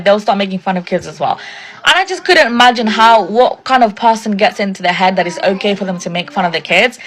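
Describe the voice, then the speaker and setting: A woman's voice: mid-range voice, expressive, fast, a bit bright. Indignant young woman telling a story. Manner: indignant, chatty, lots of "like" fillers. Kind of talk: casual storytime.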